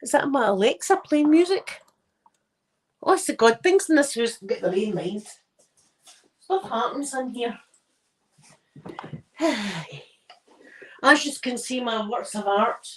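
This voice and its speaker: A woman's voice: on the high side, lively intonation, slow, pauses often, slight background noise. A woman with a Scottish accent chatting casually with her viewers from her living room, telling stories and laughing often. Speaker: live chat host.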